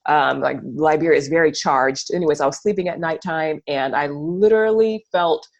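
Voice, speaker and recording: A woman's voice: deep voice, moderate pace, lo-fi sound. A woman guest in a casual interview, telling a personal story in an earnest, reflective way with many fillers and restarts.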